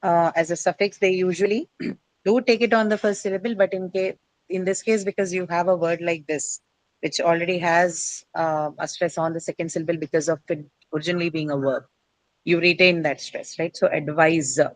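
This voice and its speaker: A woman's voice: lowish voice, fairly even intonation, brisk, no echo, low-quality recording. A middle-aged woman teacher lecturing a class, explaining step by step and quizzing her students as she goes.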